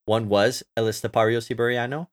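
A man's voice: medium pitch, fairly even intonation, fairly quick. A young man co-hosting a casual podcast, talking with enthusiasm and rambling with fillers and restarts. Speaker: podcast co-host. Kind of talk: casual chat.

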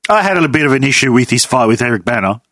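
Male co-host, mid-pitch, halting and wordy, dry close mic. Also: expressive, a bit bright, dry recording. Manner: rambling, searches for words. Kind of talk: casual chat.

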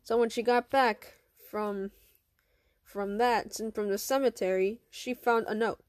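A woman's voice: a little high, fairly even intonation, unhurried, no room sound. A woman casually telling an improvised story, rambling with many restarts.

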